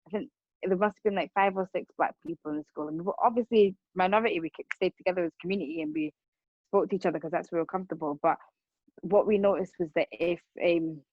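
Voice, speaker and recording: This is a young woman from Rwanda, a speaker on racism, sharing her experiences casually and earnestly while repeating words and looping back. She talks fast in a voice on the low side. There's no room sound, and the highs are cut off.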